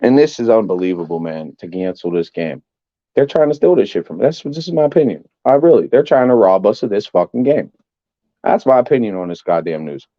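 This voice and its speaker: A man's voice: on the low side, animated, fairly quick, mellow, lo-fi sound. A man, angrily ranting on a live stream as a sports fan and swearing often. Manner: angry, profane ranting.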